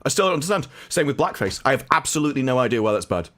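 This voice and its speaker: A man's voice: medium pitch, sing-song, racing, fairly bright tone. A man talking animatedly and opinionatedly in a casual podcast chat, often laughing.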